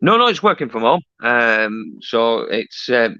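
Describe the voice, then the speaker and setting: A man's voice: medium pitch, very animated, a little slow, bright, forceful tone, clear, resonant tone, no room sound. Hesitant man on dry lo-fi audio. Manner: hesitant, many "uh" and "um" fillers. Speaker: stream panel guest. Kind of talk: casual chat.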